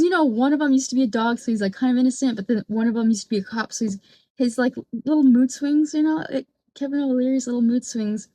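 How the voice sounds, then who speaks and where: A woman's voice: on the high side, warm tone, dry recording. A woman giving casual reaction commentary on a clip, with a blunt, profane and mocking manner.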